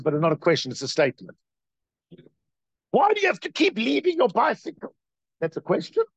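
A man giving a Torah class as its teacher, in an animated, questioning way full of rhetorical questions. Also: fairly high pitch, gravelly, dry recording, lo-fi sound.

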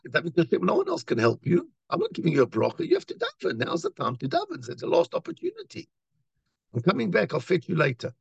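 A man giving a lively Torah talk, telling a story and acting out the voices of its people. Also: on the high side, fast, vocal fry, husky, no echo, lo-fi sound. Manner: animated storyteller, acts out voices, many restarts. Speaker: rabbi.

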